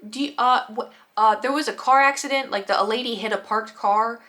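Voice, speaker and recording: A young woman telling a storytime vlog, animated, acting out other people's lines in quick quoted voices. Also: fairly high pitch. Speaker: vlogger. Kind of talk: casual storytime.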